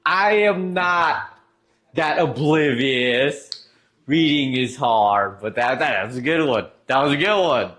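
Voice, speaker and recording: A man's voice: medium pitch, animated, takes it slowly, fairly bright tone. A man streaming live, chatting casually and reading out chat messages, trailing off and restarting as he goes.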